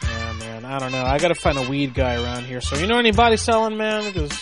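A man's voice: on the high side, wildly swooping pitch, quick pace, music in the background. A man hosting a casual late-night show, rambling and telling stories in a laid-back way. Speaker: show host.

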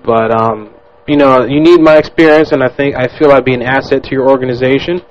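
A man's voice: mid-range voice, fairly even intonation, fairly quick, a little hiss or hum, close to an everyday voice. A man playing a pushy, stranded male tourist who rambles on and begs for work in a prank phone call. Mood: pleading. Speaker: prank caller. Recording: lo-fi podcast audio.

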